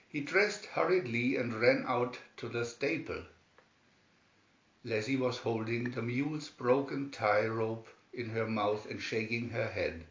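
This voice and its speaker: A man reading a children's storybook aloud at an unhurried, measured pace. His voice sits at an ordinary middle pitch. The room is echoey and the sound is a bit muffled. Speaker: storybook reader. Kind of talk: read-aloud storybook narration. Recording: roomy, dull lo-fi sound.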